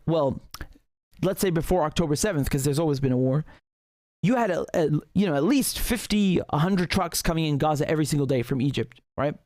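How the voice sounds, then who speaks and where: Male commentator, slightly raised pitch, dry sound; heated, sarcastic, restarts a lot. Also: darkish tone, dry recording. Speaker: political commentator. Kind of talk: impassioned solo commentary.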